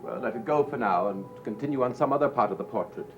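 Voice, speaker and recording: An actor playing a polite gentleman sitting for a portrait, who coaxes softly. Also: medium pitch, quick pace, lightly acted. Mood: coaxing. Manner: polite, soft-spoken, coaxing. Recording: dull lo-fi sound with music.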